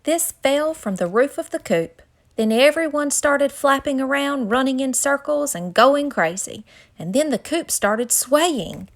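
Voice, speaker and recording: A woman's voice: high-pitched, animated, unhurried. A woman reading a children's picture book aloud with dramatic, suspenseful narration. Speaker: storyteller. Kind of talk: storybook read-aloud.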